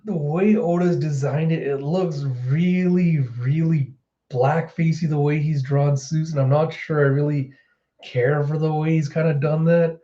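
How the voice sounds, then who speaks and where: A man giving casual, excitable reaction commentary as a manga reviewer, laughing often. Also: on the high side, measured pace. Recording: slightly muffled lo-fi recording.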